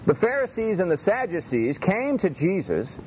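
A man preaching a sermon in a folksy, animated way, repeating his phrases for emphasis. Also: sits high, normal speed, a little hiss or hum, rough recording. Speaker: pastor.

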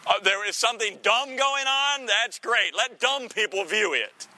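Man, pastor, casual teasing sermon, quick asides, high-pitched, very bright voice. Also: animated, a little hiss or hum.

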